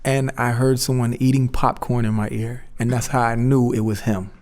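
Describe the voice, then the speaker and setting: A man tells an animated story in a loose, casual style and drops into slang. His voice sits at a middle pitch for a man. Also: moderate pace. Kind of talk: animated anecdote.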